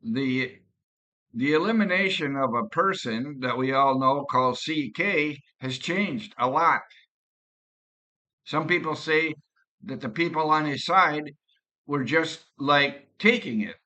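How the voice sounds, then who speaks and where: Man, vlogger, rambling halting monologue, bright tense voice, slightly high. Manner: rambling, halting, with frequent restarts. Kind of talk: casual personal monologue.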